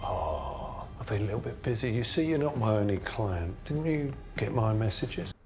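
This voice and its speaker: An actor with a British accent playing a sly, smooth-talking male demon who makes deals. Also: fairly low pitch, very animated, moderate pace. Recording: music clearly behind.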